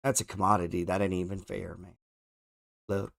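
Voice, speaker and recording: Guy ranting about stock charts, super sarcastic, swears a lot, just thinking out loud. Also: sits low, level tone, normal speed, gravelly. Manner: sarcastic and profane, thinking aloud. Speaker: trading show host. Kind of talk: casual market commentary while scrolling charts.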